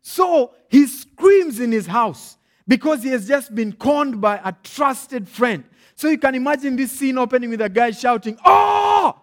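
A preacher with a Kenyan accent tells stories as he preaches, lively and direct. His voice sits fairly high for a man. He keeps checking in with his listeners. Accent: Kenyan English. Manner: animated, checks in often with "all right?". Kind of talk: storytelling sermon.

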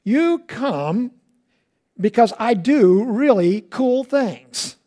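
A man's voice: very high voice, expressive, very slow, dark tone, voice pushed up, heavily acted. A man voicing an earnest male teacher who speaks plainly and directly to a crowd. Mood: rebuking.

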